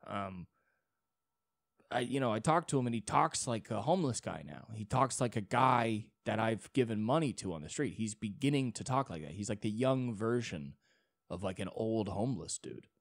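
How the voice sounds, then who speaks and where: A man's voice: fairly low pitch, animated, normal speed, creaky, no room sound, clean studio sound. A young man hosting a solo podcast, rambling in a casual monologue with many restarts and frequent swearing. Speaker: podcast host.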